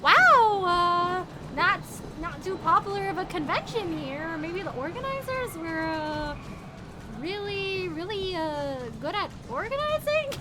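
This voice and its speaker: Giggly high-voiced woman streamer. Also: lively intonation, unhurried, very noisy. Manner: giggly, playful, mock announcer voices. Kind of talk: casual game commentary. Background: game music.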